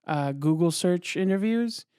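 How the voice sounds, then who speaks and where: Higher-voiced casual young podcast guy. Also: expressive, a little slow, a little mellow, clear, resonant tone, no echo, clean studio sound. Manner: loose, laughs easily. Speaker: podcast co-host. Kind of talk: casual chat.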